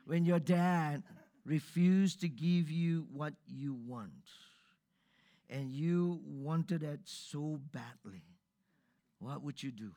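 Preaching to a live church congregation, a man speaks slowly in a fairly high, dark-toned voice. He keeps it conversational and poses questions directly to his listeners.

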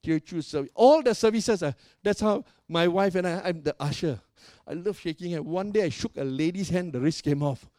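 A high-voiced male pastor preaching with excitable energy and playful jokes. He keeps calling out to the congregation for a response. His voice sounds close and dry, with little room around it. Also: moderate pace, hardly any pauses, no echo. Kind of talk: sermon.

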